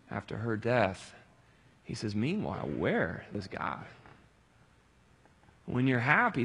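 A man with a husky, slightly breathy voice delivers a sermon, rising to loud pleading cries and sinking to hushed, reflective passages. His words ring out with a long reverb, as in a large hall. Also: mid-range voice. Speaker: pastor.

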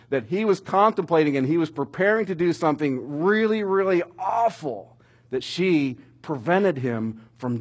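A middle-aged pastor preaches a sermon, telling stories with animated emphasis that climbs toward shouting at dramatic moments. His voice is a little high and husky.

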